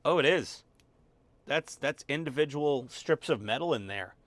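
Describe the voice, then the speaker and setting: Hobby-channel host, male, mid-pitch; relaxed, wry, talks to himself through each step at the workbench. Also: a little slow, no echo. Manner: chatty and wry, mutters step-by-step asides. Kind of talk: casual narration while assembling a model. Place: home workbench with a dog nearby.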